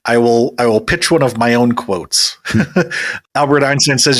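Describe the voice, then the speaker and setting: A man hosting an interview podcast, asking measured, probing questions. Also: medium pitch, steady tone, a bit bright.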